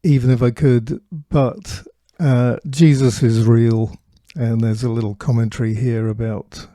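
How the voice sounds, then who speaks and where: A man reading sentimental poems aloud in a gentle, unhurried way, then talking casually. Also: mid-range voice, fairly even intonation, dry recording, studio quality. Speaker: narrator.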